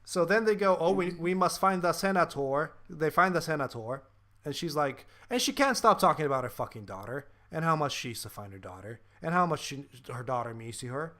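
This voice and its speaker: A man's voice: fairly high pitch, a little fast. A young man co-hosting a podcast, ranting animatedly about a bad movie and swearing. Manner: animated, swearing, mocking voices of film characters. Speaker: podcast co-host. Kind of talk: casual ranting movie review.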